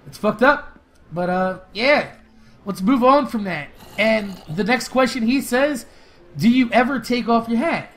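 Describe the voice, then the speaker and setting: Young dude rambling over a game, cursing, laughing, fillers everywhere, yells when stuff attacks. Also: male voice, very high voice, a little slow, rough recording. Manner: loose, profane storytelling with frequent laughs and fillers; bursts into excited shouting during fights. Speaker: gaming channel host. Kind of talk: casual gameplay commentary with viewer Q&A.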